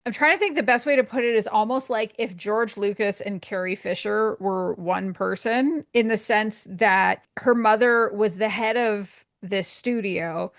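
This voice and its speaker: A Canadian woman co-hosting a podcast, summarizing a book in a rambling, casual way with quick asides. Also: medium pitch, no room sound, clean studio sound. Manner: rambling explanations, quick asides, frequent laughs. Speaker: podcast co-host. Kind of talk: casual chat.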